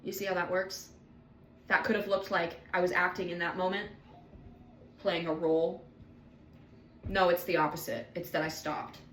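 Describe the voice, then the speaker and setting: A woman's voice: fairly low pitch, flat delivery, moderate pace, pauses often, a bit bright, roomy sound, recorded from a distance, a little hiss or hum. A woman talking to camera in a casual, rambling monologue, wry and self-mocking, with plenty of swearing. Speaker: vlogger.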